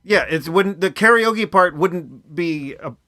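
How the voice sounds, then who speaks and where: A man co-hosting a casual comedy podcast, joking and often trailing off quietly. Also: high voice, expressive, takes it slowly, dry recording, studio quality. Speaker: podcast co-host.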